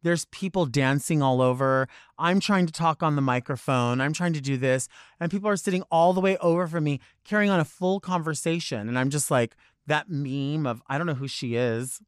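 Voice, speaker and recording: Animated, foul-mouthed drag performer chatting. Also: male voice, fairly high pitch, moderate pace, hardly any pauses, clean tone, no echo, clean studio sound. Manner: animated storytelling, acts out quotes, swears freely. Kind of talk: casual podcast chat.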